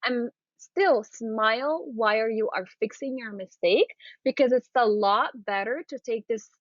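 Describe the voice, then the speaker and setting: A woman's voice: fairly high pitch, measured pace, no room sound. Encouraging woman coach, lo-fi dry sound. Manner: encouraging, repeats "okay?" and "right?". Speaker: interview coach. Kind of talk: demonstrating to camera.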